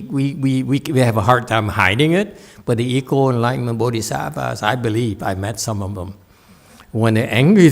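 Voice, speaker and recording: A man's voice: medium pitch, darkish tone. A man teaching meditation, answering a student's question in a playful, teasing way, acting out little voices and laughing. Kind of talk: teaching talk with Q&A.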